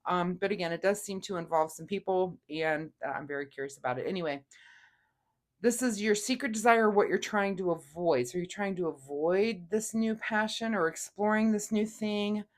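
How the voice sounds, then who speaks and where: A woman giving a casual weekly tarot reading, gentle and rambling with many fillers. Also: mid-range voice, moderate pace. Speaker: tarot reader.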